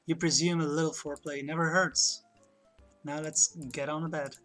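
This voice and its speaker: A woman's voice: low-pitched, flat delivery, normal speed, a bit bright, faint music behind. A woman streaming a retro game, chatting casually, laughing often and reading the game's narration aloud. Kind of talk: let's-play commentary, reading game text aloud.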